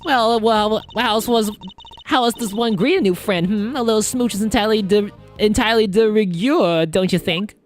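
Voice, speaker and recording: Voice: medium pitch, moderate pace, faint music behind, voice pushed up, close to an everyday voice. A game player voicing a flamboyant, theatrical woman prison warden with an affected drawl and French phrases. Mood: gushing.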